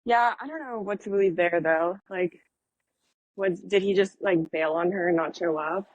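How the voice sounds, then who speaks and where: A woman's voice: fairly low pitch, moderate pace, dry recording, dull audio. A woman co-hosting a casual podcast chat about reality TV, agreeable with skeptical asides. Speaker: podcast co-host.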